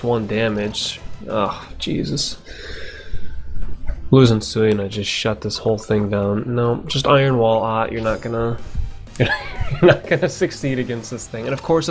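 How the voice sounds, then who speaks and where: A man's voice: medium pitch, creaky. A man giving casual, rambling let's-play commentary, swearing now and then and chuckling to himself. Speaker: gameplay commentator.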